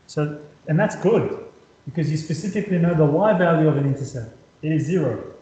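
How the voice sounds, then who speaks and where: A man's voice: a little high, a little fast, warm tone, roomy sound, low-quality recording. A man teaching a maths lesson at a whiteboard, upbeat, often checking that his students follow. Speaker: maths tutor.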